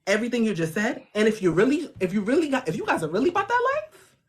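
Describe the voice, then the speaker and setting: A woman host giving animated, slangy motivational coaching in a casual chat. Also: fairly high pitch, very fast, slightly rough.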